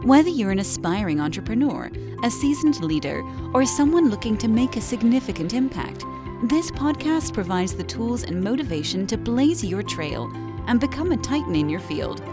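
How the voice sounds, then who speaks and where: A woman's voice: a little high, very animated, normal speed. A woman reading a polished, promotional podcast intro. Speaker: announcer. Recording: over background music.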